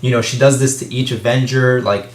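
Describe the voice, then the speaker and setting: A man's voice: medium pitch, steady tone, brisk. A man giving a casual spoken film review, rambling with plenty of "you know" and "um" fillers and frequent swearing. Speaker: movie reviewer. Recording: echoey room.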